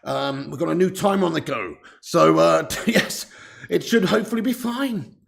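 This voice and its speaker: A man hosting a live football watch-along stream, chatty and excitable, greeting viewers and swearing casually. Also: fairly high pitch, normal speed, gravelly.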